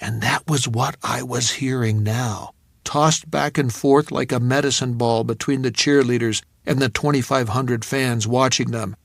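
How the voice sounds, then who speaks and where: A man reading a novel aloud in measured, reflective first-person narration on a studio mic. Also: mid-range voice, vocal fry, dry recording. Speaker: audiobook narrator.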